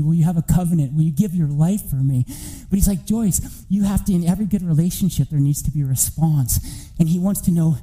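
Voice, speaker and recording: Bright high-voiced man preaching. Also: low-quality recording. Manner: storytelling, animated, rising to near-shouting. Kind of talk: sermon testimony.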